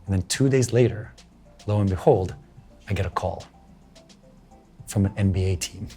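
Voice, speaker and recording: Soft music plays behind a middle-aged man from the Philippines whose voice is low and husky, at normal speed. Interviewed as a guest, he narrates in English with bits of Tagalog, lively and voicing other people's lines.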